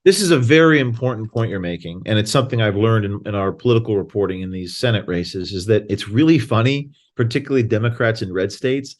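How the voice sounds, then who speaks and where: A man's voice: on the low side, fast, hardly any pauses. A man talking as a guest in a casual conversation, emphatic and anecdotal, often restarting his sentences.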